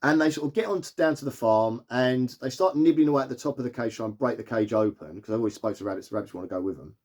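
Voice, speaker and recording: A man's voice: mid-range voice, fast talker, a little mellow. A man giving a casual, rambling film review full of fillers and easy laughs. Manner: rambling, chatty, filler-heavy with frequent laughs.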